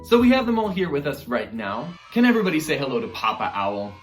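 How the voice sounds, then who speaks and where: An upbeat male music teacher speaks straight to a class of young children, his slightly high voice rising and falling in a very lively way. The room rings with echo, and faint music plays underneath. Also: fast talker. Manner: upbeat, encouraging, addresses children directly. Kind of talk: online elementary music lesson.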